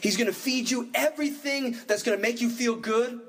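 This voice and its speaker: High-voiced preaching man, heard from afar. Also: fairly quick, recorded from a distance, slight background noise, poor audio. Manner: animated preaching, acts out congregants' voices. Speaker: pastor. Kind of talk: sermon.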